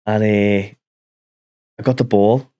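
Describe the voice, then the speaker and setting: A man who is a podcast guest, talking in a halting way, often stopping to restart with "like" and "you know". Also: lowish voice, fairly even intonation, warm tone, clear, resonant tone. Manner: halting, full of "like" and restarts, tells his story. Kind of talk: casual chat.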